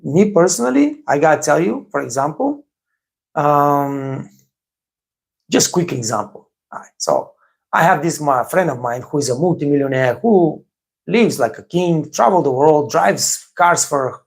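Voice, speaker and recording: A man from Bulgaria talks bluntly with a Bulgarian accent on a live stream. His voice is gravelly and sits a bit high, and he circles back over his points with lots of fillers. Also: lively intonation, measured pace. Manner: blunt, repeats himself, many fillers. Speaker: host of a live stream for waiters. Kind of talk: casual live-stream advice talk.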